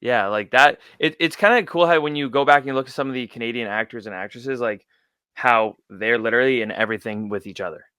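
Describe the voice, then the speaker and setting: A man's voice: medium pitch, fast, sharp tone, clean tone, dry recording, studio quality. A man hosting a podcast in casual chat, reacting eagerly, with many fillers and casual swearing. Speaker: podcast host.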